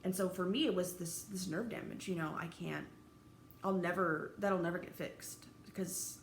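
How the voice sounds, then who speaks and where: Woman, 30s, vlogger, gravelly, raw, halting, roomy room echo with faint background noise. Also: fairly low pitch, steady tone. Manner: halting, candid, swears freely, emotionally raw. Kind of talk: personal vlog monologue.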